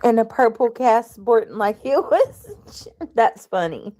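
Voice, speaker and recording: A woman's voice: a little high, sing-song, slow, warm tone. A woman hosting a livestream, chatting casually and reading out her viewers' comments as she greets them. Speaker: livestream host.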